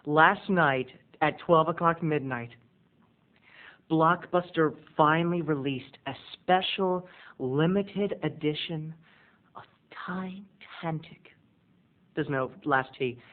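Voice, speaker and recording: A man's voice: on the high side, takes it slowly. A male video blogger doing a campy, sarcastic comic rant to camera, on tinny lo-fi audio. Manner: campy, sarcastic ranting with mock voices.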